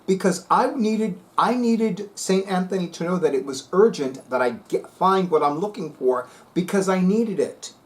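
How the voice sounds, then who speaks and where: Sassy, emphatic man with a higher voice. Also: lively intonation, moderate pace, few pauses. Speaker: spiritual video host. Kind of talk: casual vlog chat.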